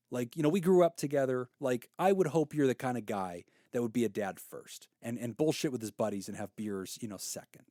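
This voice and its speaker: A man's voice: medium pitch, fairly quick, few pauses, no room sound, studio quality. A man in his thirties, a podcast co-host, telling a personal story in casual chat and acting out the voices he quotes. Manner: animated storyteller, acts out quoted voices, laughs easily.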